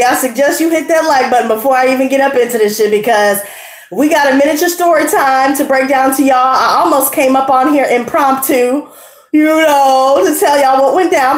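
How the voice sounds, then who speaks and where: Woman, tarot livestream host, out of breath, high voice, echoey room, brash and profane. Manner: brash, profane, laughing, slangy. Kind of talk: casual livestream chat.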